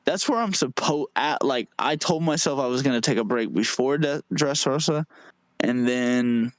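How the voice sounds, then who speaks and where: A man's voice: mid-range voice, normal speed, dry recording, rough recording. Mid voice guy, dry close sound, kinda stumbly, rambles on a podcast. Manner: rambling, hesitant, repeats words as he thinks. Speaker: podcast guest. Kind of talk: casual chat.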